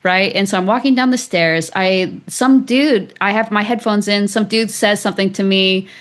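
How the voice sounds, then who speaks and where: A woman's voice: mid-range voice, moderate pace. A woman author, a guest on an interview show, telling a personal story in a chatty, loose way full of fillers. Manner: chatty, with frequent "like" and laughs. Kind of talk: conversational storytelling.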